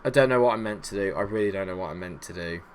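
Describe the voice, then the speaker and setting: A man giving casual, self-mocking gameplay commentary, swinging between low mutters and loud, exasperated outbursts. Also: racing, clear, resonant tone. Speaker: gaming YouTuber.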